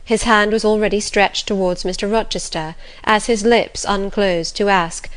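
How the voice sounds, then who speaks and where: A woman narrating a classic novel aloud in a calm, measured, gentle voice. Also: medium pitch, clear, resonant tone. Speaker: audiobook narrator.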